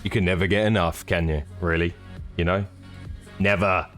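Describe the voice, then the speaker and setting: A man's voice: low-pitched, fairly even intonation, moderate pace, a bit bright, soft background music. A man hosting a live sim racing stream, chatting casually and jokily with viewers as he walks through a track lap. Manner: jokey, rambling, chatty with viewers.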